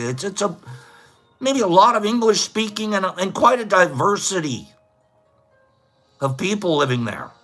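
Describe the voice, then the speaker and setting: Man, livestream host, casual chat with viewers, jokey, bright voice, lively pitch. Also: breathy edge. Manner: animated, jokey, laughs at his own jokes. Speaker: livestream host running a trivia contest.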